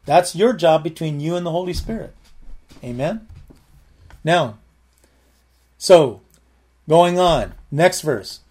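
A man's voice: a little high, lively intonation, slow pace, long pauses, darkish tone, breathy edge. A man preaching a sermon, teaching verse by verse and explaining word meanings in an earnest, repetitive way.

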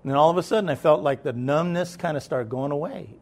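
A fast-talking man with a slightly high voice preaches a sermon in a conversational tone. Often he asks whether the audience is following, before rising into loud, emphatic delivery.

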